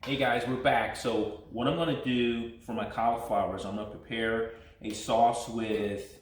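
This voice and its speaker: A man's voice: mid-range voice, fairly even intonation, moderate pace. A man casually walking through a recipe step by step as co-host of a home cooking vlog. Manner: easygoing, talks through each step. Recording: echoey room with faint noise.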